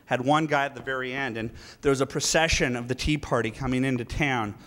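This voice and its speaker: A man giving a live speech at a political rally, telling a story in an emphatic, animated way. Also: medium pitch, a little fast. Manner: animated, emphatic, breaks into laughter, acts out quoted lines. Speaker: guest speaker at a political rally. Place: large event hall. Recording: reverberant hall with faint noise.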